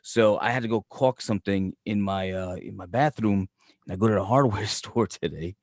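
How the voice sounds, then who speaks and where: A man's voice: normal speed, darkish tone, no echo, studio quality. A man co-hosting a podcast, telling rambling stories with lots of swearing. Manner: profane, rambling, mumbled low asides. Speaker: podcast co-host. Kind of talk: casual chat, storytelling.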